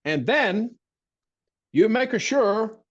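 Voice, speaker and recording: A small, kindly old healer who speaks in clipped broken-English commands, put on by a man. The voice is pushed high and pinched, well above the teller's own. The sound is dull and muffled. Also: expressive, extremely slow, exaggerated voice. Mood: instructive. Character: small elderly male healer, terse and kindly.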